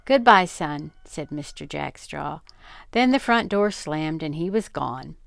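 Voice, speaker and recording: An older woman reading a children's storybook aloud, expressive and animated, with a lowish voice and lots of lilt. A gravelly edge runs through her voice, and the recording is close and dry. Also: a little slow, no echo.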